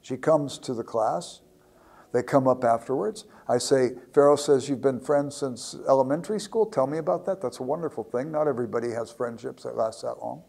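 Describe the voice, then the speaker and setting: A man's voice: medium pitch, brisk, creaky, a little mellow, breathy edge. A man giving a lecture, telling a classroom anecdote and often repeating words as he starts a thought. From United States. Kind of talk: storytelling lecture.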